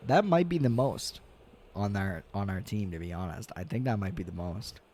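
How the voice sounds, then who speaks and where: Excitable, swearing young man streaming a game. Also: lowish voice, normal speed, slight background noise. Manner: excitable, swears often, yells at big plays. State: yawning, tired. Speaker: gaming streamer. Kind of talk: casual game commentary.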